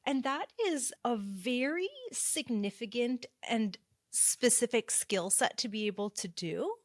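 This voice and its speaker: A woman co-hosting a podcast, speaking in a thoughtful, drawn-out and appreciative way. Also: a little high, animated, no room sound, studio quality. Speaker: podcast co-host. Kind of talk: reflective podcast conversation.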